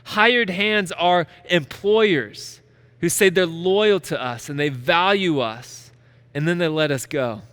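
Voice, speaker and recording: A male pastor delivering a sermon in a bright, ringing voice pitched a little above the usual. He talks with emphasis and drives his points home by repeating key phrases. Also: takes it slowly, clean tone.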